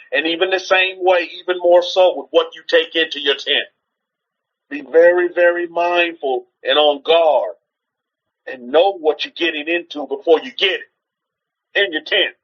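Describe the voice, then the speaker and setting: Heard through lo-fi sound, a man with a fairly high pitch preaches on a livestream in an informal, teaching way. He exhorts the audience, circles back to rhetorical questions, and often begins his sentences again.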